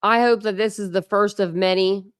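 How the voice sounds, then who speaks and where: A woman's voice: mid-range voice, steady tone, moderate pace, smooth, no room sound. Woman, commentary host, sarcastic, mocking, dry sound. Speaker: channel host reacting to a clip.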